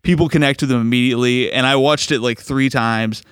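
Male host, enthusiastic, rambling, smooth clear voice, dry studio sound. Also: medium pitch, fairly even intonation, fairly quick, a bit bright, no echo. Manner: enthusiastic, rambling, chuckles while talking. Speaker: radio show host. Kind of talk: casual commentary.

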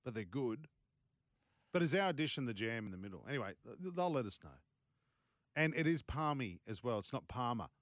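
A man hosting a sports radio talk show, bantering briskly and taking calls from listeners. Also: medium pitch, sing-song, dry recording, clean studio sound. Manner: brisk, plugs the text number, takes calls. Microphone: studio microphone.

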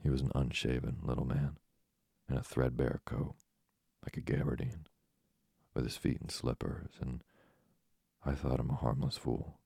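A man narrating an audiobook in a measured, wry first-person reading. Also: very deep voice, level tone, gravelly, dark tone, slightly rough, no echo.

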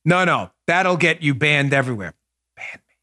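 A man's voice: a little high, lively intonation, normal speed, bright, forceful tone, dry recording. Sex: man. Role: podcast host, emphatic, dry studio sound. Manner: emphatic, earnest, addresses listeners as folks; talks aside to a partner in the room. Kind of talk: political opinion commentary.

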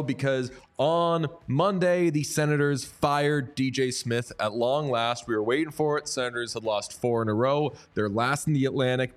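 A young man co-hosting a hockey podcast, chatting casually in an upbeat way. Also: medium pitch. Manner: upbeat, hypes the show. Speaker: podcast co-host. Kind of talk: casual sports chat.

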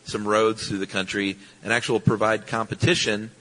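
A man co-hosting a podcast live on stage, telling history in a relaxed way and chuckling often. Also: on the low side, fairly quick. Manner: laid-back storytelling, chuckling often. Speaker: podcast co-host. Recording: long reverb from a live stage hall.

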